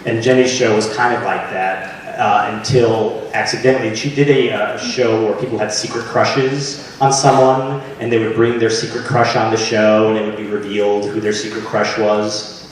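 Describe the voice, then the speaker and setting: A man being interviewed as an actor, chatting casually and telling animated stories with frequent laughs and restarts. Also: on the low side, moderate pace. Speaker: actor and guest. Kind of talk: casual chat. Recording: echoey room, distant mic.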